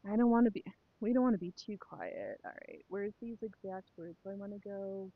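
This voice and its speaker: A woman's voice: mid-range voice, big pitch swings, moderate pace, gravelly, slightly rough, no room sound, narrow, tinny audio. A woman chatting casually to her live stream while sewing, rambling and talking to herself and her pets.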